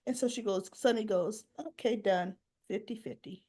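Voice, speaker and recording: A woman's voice: mid-range voice, unhurried. A woman recapping a soap opera episode, casually retelling each scene and acting out the characters' lines. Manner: animated, acts out the lines.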